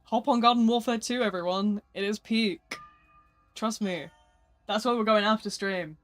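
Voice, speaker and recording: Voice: medium pitch, normal speed, faint music behind. Sleepy, yawning slangy game streamer. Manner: slangy, rambling, self-mocking. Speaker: gaming livestreamer. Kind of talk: casual livestream chat while playing.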